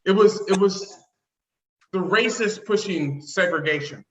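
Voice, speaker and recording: A man co-hosting a casual political chat, telling joking, sarcastic stories in an animated way. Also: sits high, unhurried. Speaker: podcast co-host. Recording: echoey room, dull lo-fi sound.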